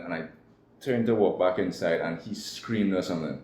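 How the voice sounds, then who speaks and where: Deep-voiced man telling a candid story. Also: a little fast, a little mellow. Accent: Trinidadian. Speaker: guest. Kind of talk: personal story in an interview. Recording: echoey room with faint noise.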